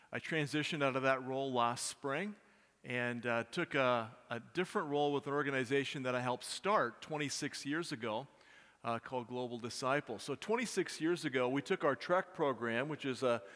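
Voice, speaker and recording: Man, mission leader, earnest testimony, halting restarts, medium pitch, long hall reverb. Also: fairly bright tone. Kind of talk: testimony to a congregation.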